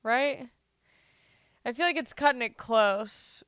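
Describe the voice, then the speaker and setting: A woman's voice: on the high side, takes it slowly, fairly bright tone, clear, resonant tone, no echo, clean studio sound. A woman hosting a casual solo podcast, rambling and joking at her own expense while she has a cold. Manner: rambling, self-deprecating, joking. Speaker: podcast host.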